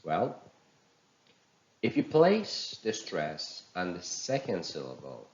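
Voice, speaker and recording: A man teaching pronunciation in a recorded lesson, speaking slowly and deliberately and spelling words letter by letter. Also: low-pitched, wildly swooping pitch, a little mellow, lo-fi sound.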